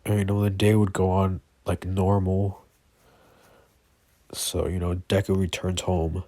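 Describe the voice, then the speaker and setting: A man's voice: sits low, flat delivery, unhurried, mellow, dry recording. A man casually improvising a fan story, rambling with many fillers and self-corrections.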